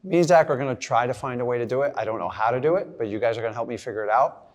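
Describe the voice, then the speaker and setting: A middle-aged real estate investor talks rapid-fire in a mid-range voice. Blunt and casual, his motivational talk to a live audience includes little acted-out scenes.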